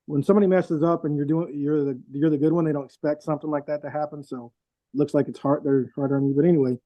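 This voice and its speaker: Middle-aged man, fairly high voice, rambling casual storytelling, dry dull lo-fi recording. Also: fairly even intonation, quick pace, no room sound. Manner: rambling, many fillers and restarts. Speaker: guest, Army veteran.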